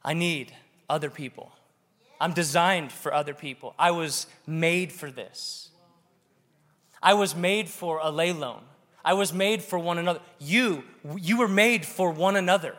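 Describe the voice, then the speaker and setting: A man preaching a sermon to a congregation, animated and joking with the audience. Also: fairly high pitch, unhurried. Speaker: pastor. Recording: long reverb of a large hall.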